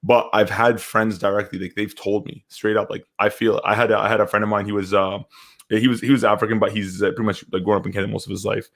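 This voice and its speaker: Candid, rambling man, lowish voice. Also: little pitch movement, fast talker, creaky, fairly bright tone. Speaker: podcast co-host. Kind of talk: casual podcast chat.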